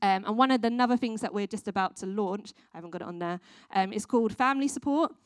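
Woman, training talk, smooth voice, dry close sound. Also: mid-range voice, fast, dry recording. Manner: chatty, many ums, restarts. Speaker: children's worker. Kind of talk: training talk to church workers.

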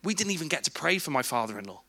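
An English man in his thirties shares a personal testimony in a candid, chatty way, breaking off for asides to the listeners. His voice sits a little high and sounds bright and forceful. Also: big pitch swings, rapid-fire. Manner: informal, candid storytelling with asides to the audience. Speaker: speaker at a church children's ministry event.

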